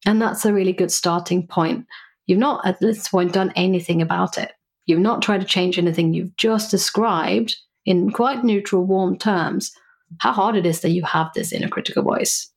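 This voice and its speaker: A woman's voice: mid-range voice, moderate pace, vocal fry, husky. A woman, a psychologist and coach, speaking thoughtfully as a podcast guest and explaining ideas through examples. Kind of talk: reflective podcast interview.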